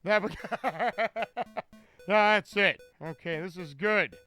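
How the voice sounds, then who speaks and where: High, bright-voiced joking streamer. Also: male voice, slow pace, soft background music. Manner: rambling, jokey, stammering restarts. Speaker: speedrunner commentating his own run. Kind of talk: live stream commentary.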